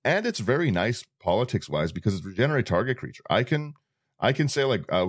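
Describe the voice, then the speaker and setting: A man's voice: mid-range voice, big pitch swings, quick pace, slightly rough, dry recording, studio quality. A man co-hosting a casual group podcast, talking through game strategy with frequent restarts and repeated words. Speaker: podcast co-host. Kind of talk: casual group chat about a card deck.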